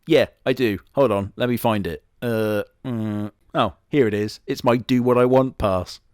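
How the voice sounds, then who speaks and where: A man's voice: mid-range voice, steady tone, unhurried, a little mellow, smooth, dry recording, natural voice. A man playing a boastful immortal wolf, speaking with a Southwest English accent in a dry, matter-of-fact way. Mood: deadpan. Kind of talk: comedy sketch character monologue.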